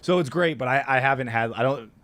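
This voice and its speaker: Man telling a wild story, laughing. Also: fast. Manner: laughing through a rowdy story, voice jumping high when reenacting yells. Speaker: podcast guest. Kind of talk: casual storytelling.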